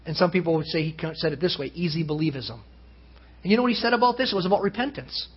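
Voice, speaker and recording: A male pastor preaching a sermon to a congregation, his delivery rising to loud emphasis and dropping to hushed tones. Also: on the high side, fast talker, breathy edge. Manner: earnest preaching that swells loud and drops to hushed. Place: church. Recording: dull lo-fi sound.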